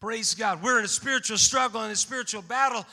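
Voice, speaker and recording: A man preaching a sermon in a church, rising from steady teaching into fervent shouted exhortation. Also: high voice, fast talker. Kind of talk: Pentecostal-style sermon. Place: church sanctuary. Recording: long hall reverb.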